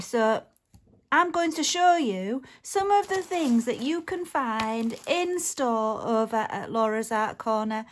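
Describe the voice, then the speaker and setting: A woman chatting casually to camera as she unboxes a parcel at home, gushing and laughing now and then, filmed on her phone. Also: on the high side. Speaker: craft vlogger.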